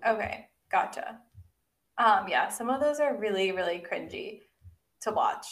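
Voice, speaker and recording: A woman's voice: mid-range voice, expressive, a little slow, a bit bright. A young woman co-hosting a casual chat, talking in a chatty way with many "like"s and frequent laughs. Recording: echoey room.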